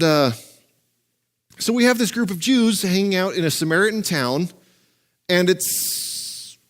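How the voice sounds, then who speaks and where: A male pastor preaching a conversational, animated sermon with asides and chuckles. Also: sits high.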